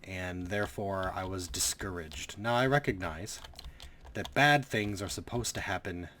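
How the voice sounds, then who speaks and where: A man's voice: low-pitched, measured pace, fairly bright tone, slight background noise. A man giving casual, rambling gameplay commentary, sarcastic and swearing freely. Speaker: gaming commentator.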